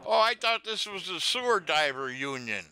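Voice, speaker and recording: A man baiting a phone scammer, gruff and taunting, swearing freely over a phone call. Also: high voice, big pitch swings, normal speed, pushed and bright. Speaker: scam baiter.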